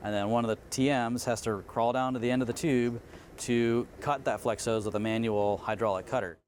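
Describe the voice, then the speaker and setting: A man's voice: mid-range voice, steady tone, fairly quick, darkish tone, a little hiss or hum. A man, a Navy chief petty officer, explaining his work aboard a submarine in a plain, matter-of-fact way during an interview. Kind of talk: interview answers.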